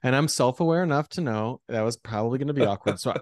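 An American man chats loosely on a church podcast, circling back on his own sentences and laughing at himself. The sound is close and dry, with no room around it. His voice sits at an ordinary middle pitch. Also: fast talker, darkish tone, dry recording. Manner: rambling, self-deprecating, laughs often. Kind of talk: casual chat.

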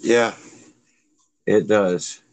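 A man's voice: fairly low pitch, fairly even intonation, extremely slow, background noise. A man rambling in casual family chat, laughing often and filling his talk with fillers.

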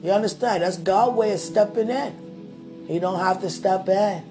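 A woman speaks a prayer to God, tender and laughing, at times speaking in tongues. Her voice is mid-range and unhurried, with music playing behind it.

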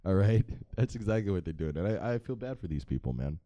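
Low, mellow-voiced man ranting casually. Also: lively intonation, fast, dry recording. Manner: profane, joking and rambling with frequent laughs. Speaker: vlog host. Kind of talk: casual comedic commentary.

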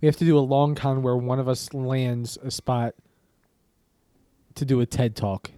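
Young male podcast co-host, easygoing banter, mellow tone, dry close sound. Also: mid-range voice, steady tone, clean tone, dry recording. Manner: easygoing, quick banter, agreeable. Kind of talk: casual chat.

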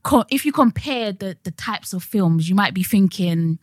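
A young woman chats casually as a podcast co-host. She uses slang, restarts her sentences often and speaks at an even middle pitch. The sound is dry and close. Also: moderate pace, no room sound. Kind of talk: casual chat.

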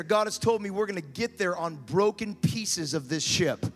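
High-voiced impassioned preacher man. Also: lively intonation, normal speed, few pauses, in a large hall, soft background music. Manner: impassioned, rising to shouts with repeated words. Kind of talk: sermon.

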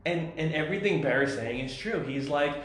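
A man's voice: a little high, animated, a little fast, fairly bright tone. A man co-hosting a casual TV recap chat, rambling, laughing often and acting out scenes. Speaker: podcast co-host. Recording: very echoey room.

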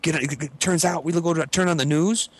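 A young man from Cleveland telling a story in casual chat, animated and swearing freely, acting out the other voices. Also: a little high, fast talker, husky. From Cleveland, Ohio. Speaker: podcast regular.

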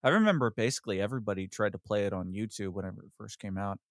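A man's voice: on the low side, very fast, dry recording, studio quality. A man co-hosting a podcast, chatting casually and joking with many fillers. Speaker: podcast co-host. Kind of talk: casual chat.

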